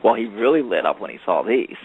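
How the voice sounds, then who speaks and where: A man's voice: fairly low pitch, very animated, fast talker, a little hiss or hum. Rambling man on a tinny phone line. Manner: rambling storyteller with many fillers, acts out quoted voices. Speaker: guest telling a story. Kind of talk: casual radio chat. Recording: phone-line call-in radio audio.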